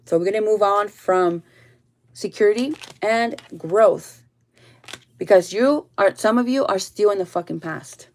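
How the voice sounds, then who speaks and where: A woman giving a casual spiritual reading to her viewers, blunt and full of swearing, often trailing off soft and low. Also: a little slow. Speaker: tarot reader.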